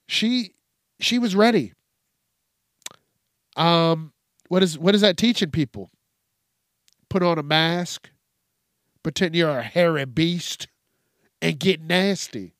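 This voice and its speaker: A man with a slightly high voice rants on a solo podcast, unhurried and loose. He swears freely, rambles, and keeps jumping into mock quotes before laughing at his own jokes. The sound is close and dry, with no room around it. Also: fairly bright tone, no room sound. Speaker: podcast host. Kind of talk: casual solo podcast rant.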